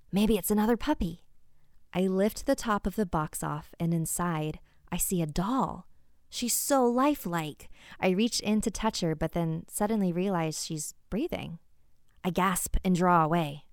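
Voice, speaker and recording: Brief: woman podcast host, measured scripted narration, low voice, dry close sound. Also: no echo. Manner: measured first-person storytelling.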